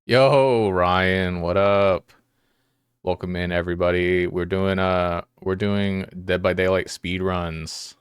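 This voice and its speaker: A man's voice: deep voice, steady tone, takes it slowly, clear, resonant tone, no room sound, studio quality. A young man streaming a game, chatting casually with his viewers in a laid-back, rambling way. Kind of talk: casual live-stream chat while gaming.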